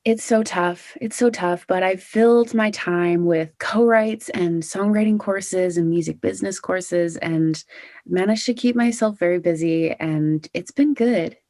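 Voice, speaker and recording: Young female singer guest, bubbly and chatty, lowish voice, dry close recording. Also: measured pace, dark tone, no room sound. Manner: bubbly, chatty, with many "like" and "you know" fillers. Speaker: country singer-songwriter guest. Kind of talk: casual interview chat.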